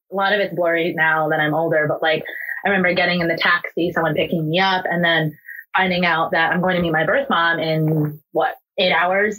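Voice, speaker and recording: Young woman from the US, husky low voice, casual candid storytelling, emotional, swears, lots of "like". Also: pushed and bright, poor audio. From United States. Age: young adult. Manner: candid, emotional, swears freely, many fillers like "like". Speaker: interview guest.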